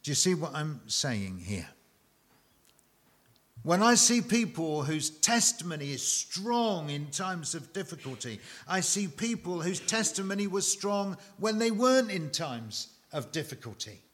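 A man preaching a sermon to a congregation, emphatic and dramatic, with long pauses and repeated phrases. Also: a little high, sing-song, a bit bright.

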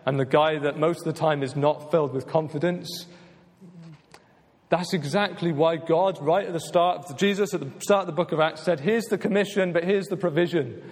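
A man preaching with earnest, emphatic conviction, his voice sitting a little higher than most men's. His words ring out with a long reverb tail, as if spoken in a large hall. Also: moderate pace, a little mellow. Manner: earnest, emphatic, repeats "just maybe" and "right?". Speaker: pastor. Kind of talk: sermon.

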